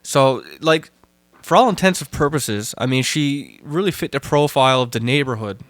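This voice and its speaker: A man's voice: medium pitch, lively intonation, moderate pace, a bit bright, no echo. A man hosting a podcast, questioning a guest and recapping her story back to her. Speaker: podcast host. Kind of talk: interviewing a guest.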